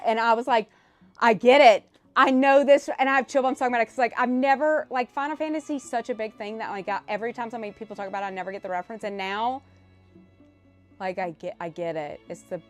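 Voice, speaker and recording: A woman hosting a casual live stream while opening cards, excitable and emotional, swearing freely. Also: mid-range voice, quick pace, faint music behind. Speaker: livestream host.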